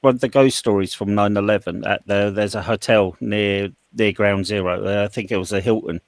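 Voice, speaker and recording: A man's voice: fairly low pitch, fairly even intonation, fairly quick, creaky, no echo. A man in a casual group voice chat, telling stories in a rambling way and correcting himself as he goes. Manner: rambling, self-correcting storyteller.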